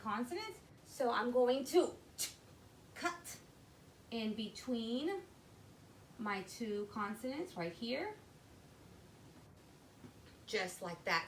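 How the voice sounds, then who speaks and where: A woman teaching a phonics lesson to young children, explaining step by step in a slow, patient way. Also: mid-range voice, slight background noise, poor audio. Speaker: literacy teacher.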